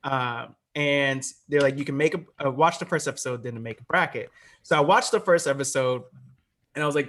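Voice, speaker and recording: A comedian talking as a podcast guest, telling a story with lively swearing and bursts of shouting. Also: male voice, fairly high pitch, normal speed. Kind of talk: casual chat.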